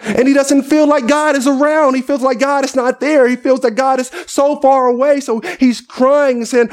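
High-voiced man preaching a sermon. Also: steady tone, normal speed. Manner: impassioned preaching, voicing the psalmist's prayers. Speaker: pastor.

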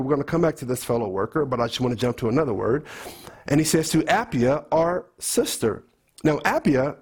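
Husky-voiced man preaching a sermon. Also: medium pitch, a little mellow. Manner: earnest, preaching to the congregation with questions.

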